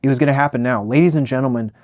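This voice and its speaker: A young man spinning a funny personal story with animated energy and self-deprecating asides. His voice sits at an ordinary middle pitch, recorded close and dry with no room sound. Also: rapid-fire, no echo. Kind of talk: comedic storytime narration.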